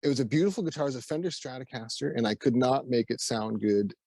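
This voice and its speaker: A man's voice: medium pitch, quick pace, gravelly, darkish tone, no echo. A Canadian man with a Canadian accent, a musician guest telling stories in a casual interview and laughing often. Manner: laughs often, acts out quoted voices.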